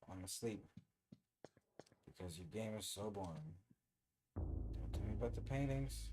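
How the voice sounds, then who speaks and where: A man's voice: fairly low pitch, animated, a little slow, long pauses, background noise. A tired man streaming a video game, reading bits aloud and making dry, sarcastic remarks while yawning. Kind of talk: casual let's-play commentary.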